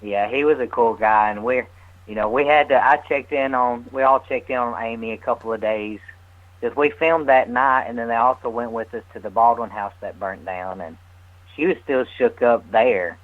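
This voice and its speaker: A man telling an animated, laughing story as a guest on a radio talk show. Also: mid-range voice, moderate pace, phone-quality sound. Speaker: guest medium's partner.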